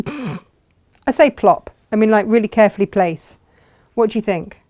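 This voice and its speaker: Slow, chatty woman demonstrating crafts. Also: medium pitch, expressive, mellow. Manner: chatty, thinking aloud while working. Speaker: textile craft host.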